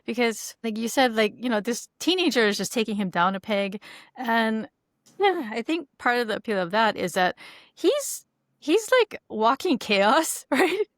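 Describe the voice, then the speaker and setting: A woman's voice: a little high, sing-song, dry recording, clean studio sound. A woman guest on a podcast, talking enthusiastically and laughing as she discusses a show. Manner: enthusiastic, laughs often, halting restarts.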